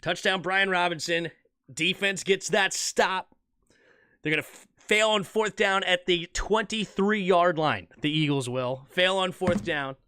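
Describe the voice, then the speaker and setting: Bright, high-voiced fan play-by-play man. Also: clear, resonant tone, no room sound, studio quality. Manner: animated, fast shifts between calling plays and chatting. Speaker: streamer doing play-by-play. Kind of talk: live fan play-by-play commentary.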